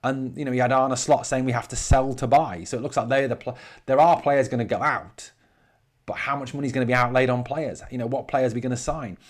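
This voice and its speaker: A man's voice: medium pitch, fairly even intonation, fast talker. A man from northeast England hosting a solo podcast, giving blunt opinions and answering live chat with swearing. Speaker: podcast host.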